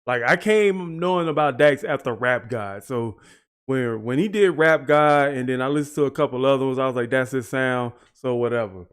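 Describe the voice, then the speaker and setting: A man's voice: medium pitch, normal speed, smooth. A man hosting a music reaction video, chatting casually, breaking down lyrics and laughing often.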